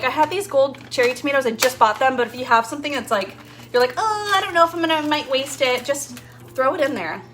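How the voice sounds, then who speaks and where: A woman's voice: high-pitched, background noise. A young woman hosting a casual cooking demo in her home kitchen, chatting loosely with lots of fillers as she works. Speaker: home cooking show host.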